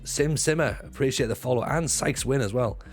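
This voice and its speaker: A man's voice: mid-range voice, normal speed, soft background music. A man who used to do stand-up, chatting in a jokey way with viewers on his livestream, swearing freely and restarting his sentences. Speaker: livestreamer and former stand-up comic. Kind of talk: casual livestream chat with viewers.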